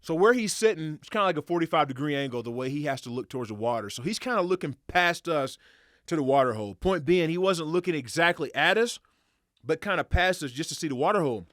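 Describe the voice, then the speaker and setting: Podcast guest, male, lively profane storyteller, fairly high voice, dry close sound. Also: fast talker, dry recording. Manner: animated, profane, excitable retelling with acted quotes. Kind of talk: casual storytelling.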